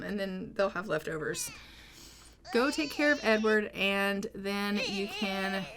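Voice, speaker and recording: A woman's voice: medium pitch, a bit bright, a little hiss or hum. Chatty woman narrating a life-sim game. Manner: chatty, rambling, frequent ums. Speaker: gameplay narrator. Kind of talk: casual let's-play narration.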